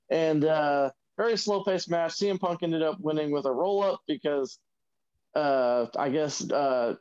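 A man's voice: fairly high pitch, unhurried, a little mellow, clean tone. A man co-hosting a casual recap chat, laid-back and hesitant, with some swearing. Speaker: podcast co-host. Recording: dull lo-fi audio.

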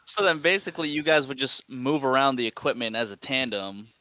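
A man's voice: mid-range voice, expressive, a little fast, pushed and bright, dry recording. A young man hosting a casual interview, enthusiastic and slangy. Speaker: podcast host interviewing.

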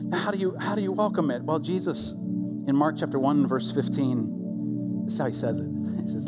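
Animated male pastor preaching over music. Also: on the high side, moderate pace. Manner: animated, conversational preaching with restarts and acted asides. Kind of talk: sermon. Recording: loud music under the voice.

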